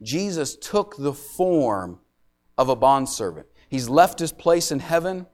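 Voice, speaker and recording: A man preaching a sermon, swinging between loud, intense passages and quiet, hushed lines. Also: mid-range voice, sing-song, measured pace. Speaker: pastor.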